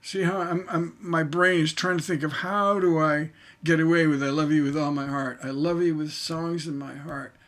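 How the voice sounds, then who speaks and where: A man's voice: a little high, fairly even intonation, normal speed, few pauses, fairly bright tone. A man teaching songwriting on a livestream, talking to himself as he works and chanting rhythms aloud to show his point.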